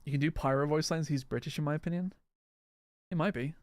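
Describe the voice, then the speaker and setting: A gaming video creator speaks quickly in a slightly high voice, with a dry, clean studio sound. As he plays, he chats casually and rambles, taking viewers' comments and often backing up to start sentences again.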